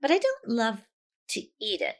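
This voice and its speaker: A woman's voice: fairly high pitch, huge pitch swings, normal speed. A woman co-hosting a casual chat with friends, talking expressively. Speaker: co-host.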